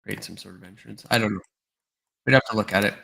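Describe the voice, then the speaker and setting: A tired man with a fairly low voice hosts a livestream, thinking aloud as he works. He halts often with fillers, and his voice sounds a little worn. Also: fast, creaky, bright, forceful tone, husky, low-quality recording. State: tired, slightly losing his voice. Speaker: livestream host and designer. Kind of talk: casual livestream commentary.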